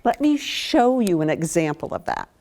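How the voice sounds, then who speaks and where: A woman's voice: on the low side, very animated, moderate pace, mellow, a little hiss or hum. A woman from Maine, a children's author, giving an interactive lesson to young children and coaxing the class to join in. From Maine, USA.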